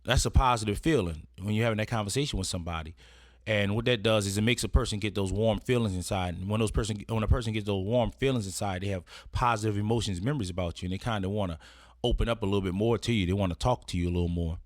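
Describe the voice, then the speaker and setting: A presenter with a voice on the low side moves at a quick pace through etiquette advice, partly reading it. He keeps the tone casual and conversational, often adding "right?", and the studio recording has no room sound.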